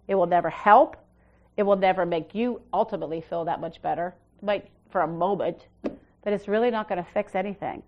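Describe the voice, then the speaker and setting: A woman pastor, middle-aged, preaching in a loose, conversational way. She leans hard into her main points and then sinks to a quiet, low voice for personal asides. Her sentences often restart midway as she works out what to say. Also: muffled recording. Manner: swings from emphatic to soft and low. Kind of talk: sermon.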